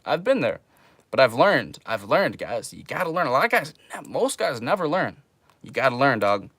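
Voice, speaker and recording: A man's voice: medium pitch, a bit bright, no room sound. A young man chatting casually on a livestream, laid-back and drawling, calling people man and bro.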